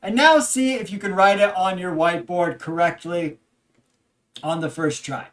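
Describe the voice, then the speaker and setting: Heard through a distant mic, a language instructor with a medium-pitched voice patiently explains material and guides students through repeat-after-me exercises, pausing often and using fillers.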